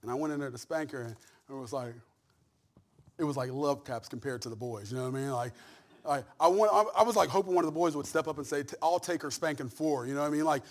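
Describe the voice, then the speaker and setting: A middle-aged male pastor preaching a sermon with folksy humor, swinging from soft, intimate asides to shouted climaxes. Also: medium pitch, quick pace. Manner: humorous, folksy storytelling with laughs.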